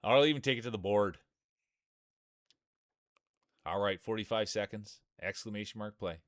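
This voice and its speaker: A man's voice: fairly low pitch, moderate pace, no room sound, clean studio sound. A man streaming live, doing playful, joking play-by-play commentary on marble races and chatting with viewers.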